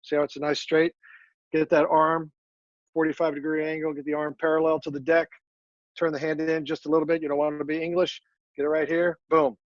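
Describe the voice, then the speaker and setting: Man, veteran guest, halting, casual, muffled recording. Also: on the high side, level tone, dry recording. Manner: halting, many fillers and restarts. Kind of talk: casual interview answers.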